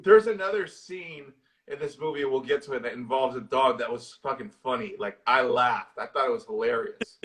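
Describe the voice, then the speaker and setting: A man co-hosting a casual horror movie chat, retelling scenes excitedly and swearing constantly. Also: medium pitch, normal speed. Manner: excitable, profane, storytelling with lots of swearing. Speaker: horror movie discussion co-host. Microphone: live social video stream.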